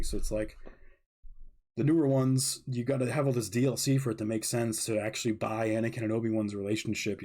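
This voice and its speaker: Male podcast host, young adult, mellow mid-pitched voice; casual, rambling and blunt. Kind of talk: casual opinionated monologue.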